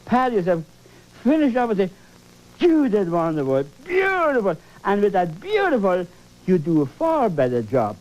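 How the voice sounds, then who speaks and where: Exuberant man teaching painting, lively pitch. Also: normal speed, highs cut off. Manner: exuberant, exclaiming and coaxing; repeats phrases for emphasis. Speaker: painting instructor. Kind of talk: televised painting lesson.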